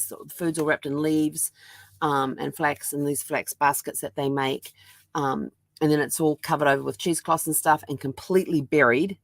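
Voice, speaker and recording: A woman's voice: low-pitched, no room sound. A woman from New Zealand with a New Zealand accent, chatting casually in a rambling daily vlog, full of ums. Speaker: vlogger. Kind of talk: casual chat. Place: at home with her dog.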